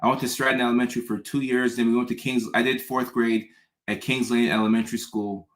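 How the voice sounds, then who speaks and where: A man from the American South chats casually at a middle pitch, winding through stories with restarts and repeated words. His voice bounces around a noticeably echoey room. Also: level tone, quick pace, fairly bright tone. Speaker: host. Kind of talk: casual chat.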